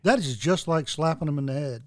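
A fairly high-voiced man chats loosely and jokingly, wandering from point to point. The sound is dry and close, with no room around it. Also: brisk, dry recording. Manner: rambling, jokey, digressive storytelling. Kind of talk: casual podcast chat.

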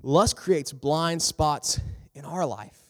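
A man giving a youth sermon in a lively, storytelling manner, acting out the characters as he talks. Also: slow. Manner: animated, acts out characters with big pitch jumps. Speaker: youth pastor. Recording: long hall reverb.

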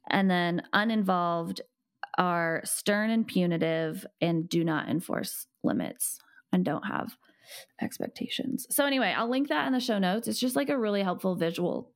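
This is a woman co-hosting a parenting podcast. Her voice sits fairly low and carries a gravelly fry, and she explains each idea patiently and step by step. The recording is close and dry. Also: animated, moderate pace, no room sound.

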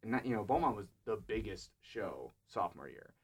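Young man, student producer, lowish voice, loose rambling chat, lots of fillers. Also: sing-song, brisk, breathy edge. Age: young adult. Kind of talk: casual panel chat.

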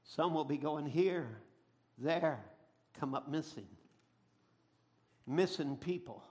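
A middle-aged man preaching a sermon, telling stories dramatically and swinging from a hush to a shout. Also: fairly high pitch, slow pace. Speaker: pastor.

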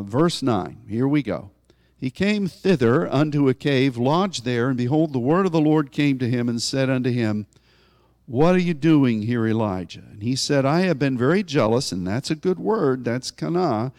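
A man preaching a conversational sermon, often rising in pitch for emphasis as he explains a scripture. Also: darkish tone, no echo, studio quality.

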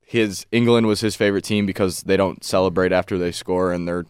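A young man co-hosting a casual sports picks show, relaxed and joking. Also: sits low, fairly quick, clear, resonant tone, dry recording, clean studio sound. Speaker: co-host.

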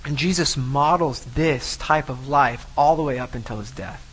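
A man's voice: mid-range voice, moderate pace, fairly bright tone, a little hiss or hum, low-quality recording. A man preaching a sermon, emphatic, often repeating and restarting phrases. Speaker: pastor.

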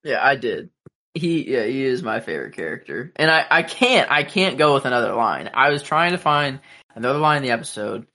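Bright, lively higher-voiced man. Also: a little fast. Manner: agreeable, thinks aloud, trails off. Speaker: podcast co-host. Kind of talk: casual chat.

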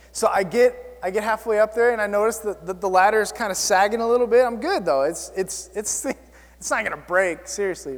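A male pastor preaching a sermon, telling stories in an animated, self-mocking way. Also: very high-pitched, big-room sound.

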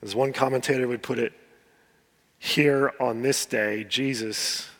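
A man preaching a sermon as pastor, earnest and pleading, often dropping to a soft voice and repeating words as he builds. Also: medium pitch, fairly even intonation, measured pace. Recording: long hall reverb.

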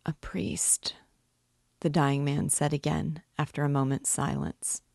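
Woman narrating an old novel, low gravelly voice, slow and measured, dry close sound. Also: sing-song, a little mellow, dry recording. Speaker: reader and literature guide. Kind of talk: audiobook narration of a classic novel.

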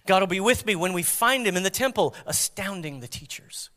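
Male pastor, dynamic sermon delivery, loud to hushed, high-pitched voice. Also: expressive, a little fast, in a large hall.

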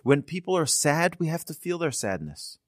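A man's voice: a little high, moderate pace, dry recording, clean studio sound. A man giving an earnest sermon full of stories, his voice climbing for emphasis at key moments. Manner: earnest, animated storyteller with rising emphasis. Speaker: rabbi giving a talk. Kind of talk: sermon with storytelling.

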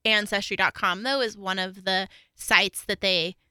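Teasing woman with a bright voice. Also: mid-range voice, steady tone, unhurried, clean tone, dry recording, studio quality. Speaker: podcast co-host. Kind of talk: casual true-crime chat.

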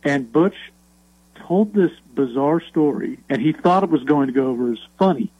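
Man, radio guest, slightly high voice, husky, dry close sound, chatty. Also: lively intonation, normal speed, no room sound, narrow, tinny audio. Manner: laughing, conversational storyteller. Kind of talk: casual radio chat.

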